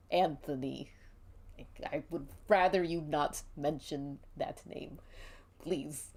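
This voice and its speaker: A woman's voice: on the low side, pitched below the performer's own voice. A woman voicing a nervous, cursing adult male clown, stammering and defensive. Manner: flustered, defensive, swearing, stammering.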